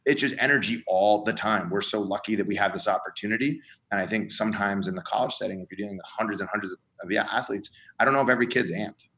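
A man's voice: lowish voice, quick pace, fairly bright tone, poor audio. A man, a college strength coach, explaining his ideas in a casual podcast conversation, earnest and acting out examples as he goes.

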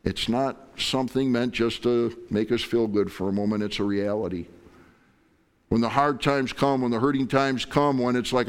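A man's voice: mid-range voice, fairly even intonation, normal speed. Impassioned male pastor preaching. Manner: impassioned preaching, acting out prayers and God's words. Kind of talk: sermon.

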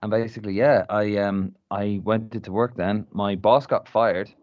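A man's voice: lowish voice, fairly even intonation, moderate pace. A man from Ireland telling a rambling, laugh-filled anecdote in casual podcast chat, swearing freely. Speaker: podcast co-host. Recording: muffled dry recording.

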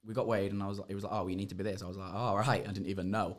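A man's voice: deep voice, flat delivery, very fast, darkish tone. A young man, a podcast guest who tells his fight stories in rambling casual chat, laughing and swearing often.

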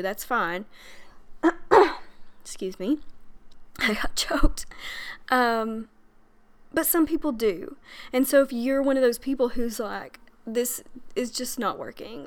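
A woman's voice: a little high, clean tone. A young adult woman hosting a podcast as a breathwork coach, talking in an earnest, chatty way with frequent fillers and little laughs. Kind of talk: casual monologue.

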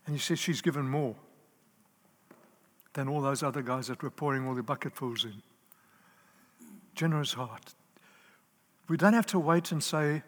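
A man's voice: medium pitch, normal speed, long pauses, a bit bright. A man preaching a sermon in an earnest, emphatic way, stacking up lists and repeating key words. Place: church hall. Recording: live in a large reverberant hall.

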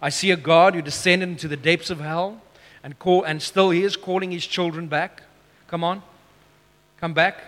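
A man preaching a sermon as pastor, emphatic, slowing down for key phrases, with self-deprecating asides. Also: on the high side, fairly even intonation, fairly bright tone, big-room sound.

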